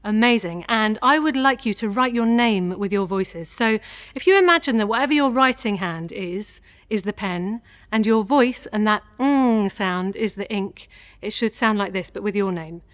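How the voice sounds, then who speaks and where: A woman teaching a vocal warm-up lesson, giving clear instructions with encouragement and showing each sound herself. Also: mid-range voice, expressive, normal speed. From England. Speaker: singing teacher.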